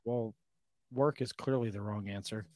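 A man's voice: lowish voice, steady tone, normal speed, darkish tone, dry recording, clean studio sound. A man, a podcast host, cracking crude jokes in casual chat and laughing often. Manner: crude joking, laughs a lot.

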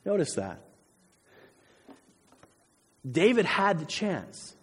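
A man preaching a sermon as pastor, animated, swinging between loud emphasis and hushed intensity. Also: fairly high pitch, moderate pace, slightly rough. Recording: long hall reverb.

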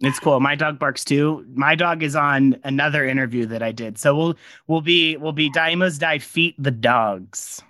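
Male podcast host, bright forceful tone, casual rambling interviewer. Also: on the high side, normal speed, no echo, clean studio sound. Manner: rambling, friendly tangents with many fillers. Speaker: podcast host and audio drama creator. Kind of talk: casual behind-the-scenes interview.

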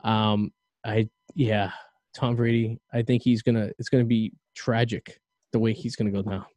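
A man's voice: on the low side, little pitch movement, normal speed, a little mellow, no echo. A man hosting a podcast in casual chat, rambling and stammering through restarts. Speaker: podcast host.

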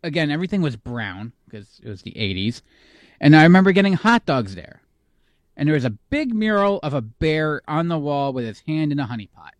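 A man's voice: a little high, very animated, brisk, no echo. A man co-hosting a podcast, rambling in a nostalgic, jokey way with many fillers. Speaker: podcast co-host. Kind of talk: casual chat.

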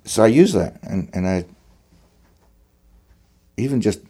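Very low, dark-voiced male fiddler. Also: sing-song, unhurried, breathy edge. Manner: thoughtful, searching for words. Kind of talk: conversational reflection on music.

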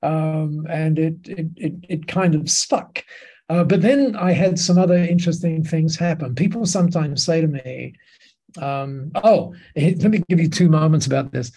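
A man as a podcast guest telling lively anecdotes in a casual interview, with many restarts. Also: a little high, normal speed.

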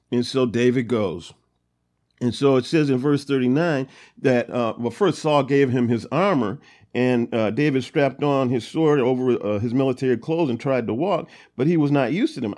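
A man's voice: medium pitch, normal speed, a little mellow. A man hosting a Bible study, reading verses aloud and retelling them in a loose, conversational way with many fillers. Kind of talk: casual Bible teaching, reading and retelling scripture.

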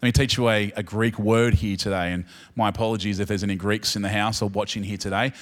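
A man with an Australian accent preaching a sermon as pastor, swinging from soft, chatty asides with the congregation to loud, emphatic peaks. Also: on the low side, steady tone, fast.

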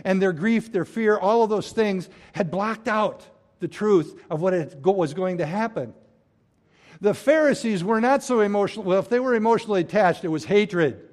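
Fairly high-voiced man preaching emphatically. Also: moderate pace. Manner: emphatic preaching, swinging between loud stresses and hushed drops. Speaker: pastor. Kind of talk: sermon.

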